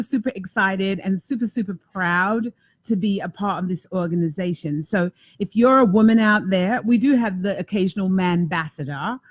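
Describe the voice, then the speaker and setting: Woman, talk show host, effusive, emphatic, repeats for emphasis, mid pitch, dry sound. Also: darkish tone, dry recording. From United States. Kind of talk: casual enthusiastic talk show.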